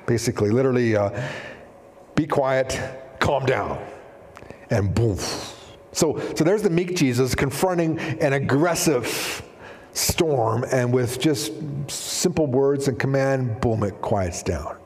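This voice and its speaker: A man's voice: mid-range voice, animated, measured pace, a little mellow, slight background noise. A middle-aged man preaching a sermon as pastor, telling stories casually with fillers and acting out the voices he quotes. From Canada. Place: church sanctuary. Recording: long hall reverb in a church.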